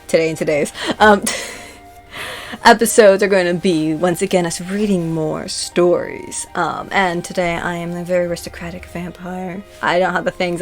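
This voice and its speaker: An American woman hosting a casual chat, rambling and self-deprecating, with lots of fillers. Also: fairly low pitch. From United States. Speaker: host.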